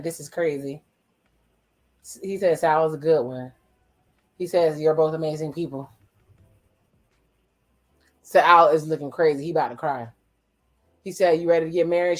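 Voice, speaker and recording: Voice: mid-range voice, fairly even intonation. Profane, wry watch-along commentator. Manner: profane, retells dialogue in quick quoted voices; wry asides and exclamations. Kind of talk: casual reaction commentary.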